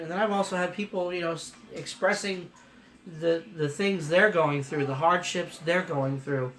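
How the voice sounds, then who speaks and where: A man's voice: fairly high pitch, moderate pace, fairly bright tone, a little hiss or hum. A man in his thirties vlogging casually from a trade show on a phone camera, rambling and emotional, repeating "you know" as he talks. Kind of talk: casual vlog.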